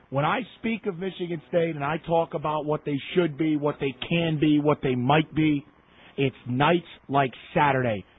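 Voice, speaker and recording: A man's voice: on the high side, slightly rough. A man delivering an impassioned, emphatic sports rant, repeating himself for effect. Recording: tinny phone line.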